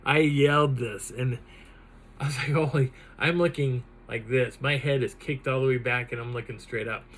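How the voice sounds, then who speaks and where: A man hosting his own channel, telling a personal encounter story in an animated, dramatic way. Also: mid-range voice, moderate pace, a little hiss or hum, low-quality recording. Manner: animated, dramatic retelling with laughs. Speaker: channel host.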